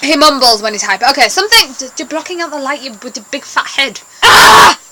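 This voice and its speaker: A woman's voice: sits high, animated, a little fast, heavy background noise. A woman chatting casually to camera as a vlogger, bossy and talkative toward her brother.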